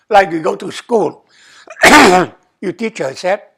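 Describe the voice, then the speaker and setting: Older monk giving a slow sermon. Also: male voice, sits high, very animated, vocal fry, pushed and bright, husky. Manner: non-native English, simple repetitive phrasing, asks "okay?"; acts out quoted dialogue with rising emphasis. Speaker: abbot giving a dharma talk. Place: temple hall.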